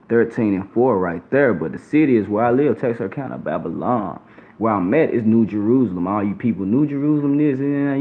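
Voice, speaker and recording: A man reads Bible verses and preaches profanely, dropping to low murmurs and rising to loud outbursts. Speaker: self-styled preacher. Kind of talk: reading and preaching scripture to camera. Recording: tinny phone-like audio with faint background hum.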